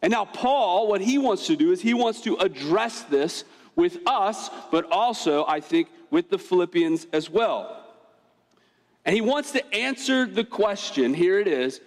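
A man preaching a sermon with a high, lively voice that leaps up and down in pitch. He is emphatic and full of rhetorical questions. His voice rings through a hall with a long reverb. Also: measured pace. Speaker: pastor.

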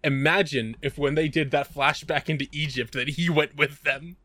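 A man co-hosting a casual podcast, cracking profane jokes and telling animated stories. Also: a little high, moderate pace, dry recording. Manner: profane, jokey, animated storytelling. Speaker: podcast co-host. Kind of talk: casual chat.

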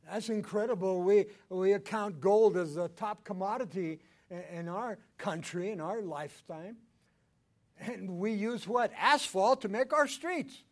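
An older man preaching a sermon, swinging between loud emphatic lines and hushed ones. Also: high voice, a little slow. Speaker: pastor.

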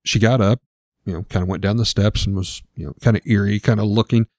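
A man's voice: lowish voice, steady tone, fast, darkish tone, no room sound, clean studio sound. A man casually retelling a ghost story as a podcast host, with lots of filler words.

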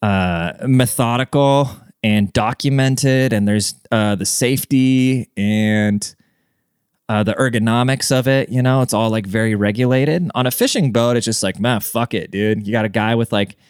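His mid-range voice has a clean tone at normal speed, recorded in a clean studio with no echo. The young man hosts a podcast, casually rambling through a profane story, restarting often and repeatedly saying "dude."

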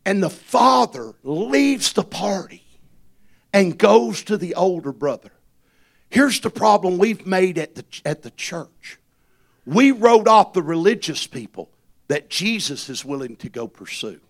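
Male pastor, high and gravelly, preaching with fire and call-and-response. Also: big pitch swings, measured pace. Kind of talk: sermon.

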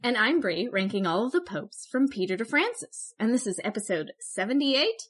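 A woman co-hosting a podcast in casual, joking chat who laughs often and turns brisk when going through history notes. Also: on the high side, big pitch swings, a bit bright, slightly rough. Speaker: podcast co-host.

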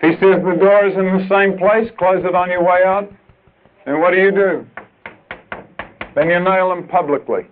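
A man preaching a sermon to other preachers, emphatic and urgent, dropping at times to quiet, earnest asides. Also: high-pitched, steady tone, moderate pace, pauses often. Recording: tinny lo-fi old tape recording.

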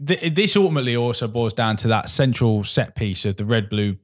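A man's voice: mid-range voice, lively intonation, a little fast. A man chatting casually about films, sharing trivia and laughing often. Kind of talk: casual film chat.

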